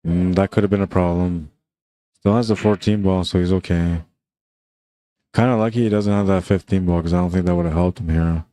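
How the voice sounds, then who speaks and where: Man, low pitch, dark mellow tone, relaxed chatty pool commentary, casual asides. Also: fairly quick. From Canada. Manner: laid-back, chatty, says "man" often.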